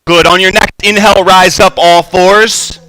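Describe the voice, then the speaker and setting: A man leading a live yoga class in a studio, calmly cueing poses and breathing with frequent "right?" and "good". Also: high voice, a little slow, a little hiss or hum. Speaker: yoga instructor.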